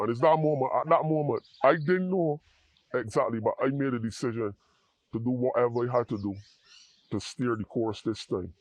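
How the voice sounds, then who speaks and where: A man tells his personal story in an interview, earnest and halting, often repeating words as he searches for them. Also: medium pitch, no echo, muffled recording. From Barbados. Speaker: interview guest in addiction recovery.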